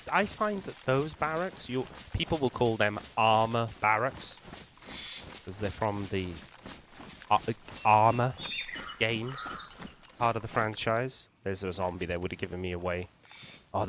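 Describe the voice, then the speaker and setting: A man with a fairly low voice narrates a survival game walkthrough in a calm, explanatory way, stopping to restart his sentences now and then. A faint hiss of noise sits under the recording. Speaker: gaming channel host. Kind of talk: gameplay walkthrough commentary.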